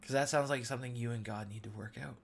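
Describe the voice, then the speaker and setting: A man's voice: mid-range voice, fairly even intonation, quick pace, gravelly, slight background noise. A man in his thirties hosting a devotional talk, sharing an earnest, emotional testimony. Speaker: podcast host.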